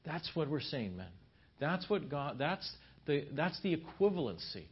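This husky male speaker has a fairly high, sing-song voice and keeps a moderate pace while teaching a marriage seminar at a church. He tells stories folksily and conversationally, with asides and restarts, captured on a slightly dull lo-fi recording.

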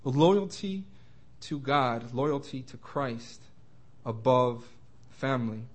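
A young man with a slightly raised voice gives an informal Bible study sermon. He trips over his words and restarts often. When he quotes scripture, he slows down and leans on it. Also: a little high. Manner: halting, many restarts and repeated words. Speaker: Bible teacher.

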